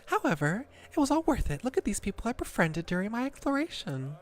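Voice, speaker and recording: A man voicing a boastful young adventurer in a game, in a high put-on voice. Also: very animated, a little fast.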